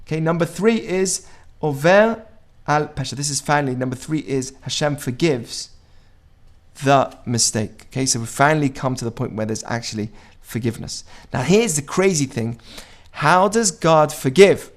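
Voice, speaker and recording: Lively man teaching Torah class. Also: fairly high pitch, normal speed. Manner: conversational, asks the audience questions; acts out quoted dialogue. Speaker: Jewish teacher.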